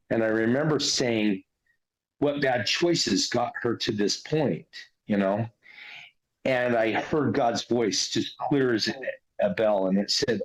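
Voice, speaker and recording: Low-voiced man telling a story. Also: a little slow, low-quality recording. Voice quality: earnest, conversational with fillers. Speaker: interviewee recounting near-death experience. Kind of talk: casual storytelling.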